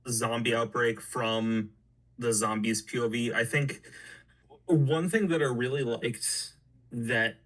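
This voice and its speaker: A man reviewing horror movies in a hesitant, halting casual chat, full of fillers. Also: medium pitch, steady tone, a bit bright, poor audio. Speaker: podcast co-host.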